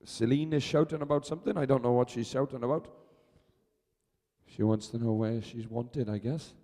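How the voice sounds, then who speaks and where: Male arena announcer, mellow voice with long PA reverb, brisk and chatty live race calls. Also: mid-range voice, steady tone. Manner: brisk, chatty, urging and teasing. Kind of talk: live sports commentary over a public address.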